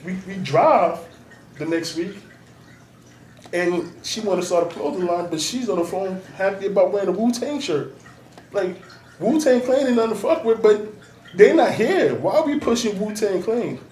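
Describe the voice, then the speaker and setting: Blunt, streetwise man, slightly high voice, slightly off-mic in a roomy space. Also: expressive, moderate pace, darkish tone. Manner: blunt, streetwise, profane, emphatic. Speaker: artist and DJ manager, guest. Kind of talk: casual interview talk. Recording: roomy, noisy, mic at a distance.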